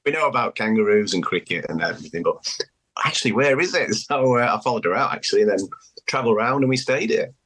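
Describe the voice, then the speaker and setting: A man's voice: mid-range voice, expressive, fast talker, fairly bright tone. A middle-aged man from Manchester with a Mancunian accent, chatting as a podcast guest and telling stories with easy laughs. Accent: Mancunian English. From Manchester, England. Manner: chatty, storytelling, laughs easily. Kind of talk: casual interview chat.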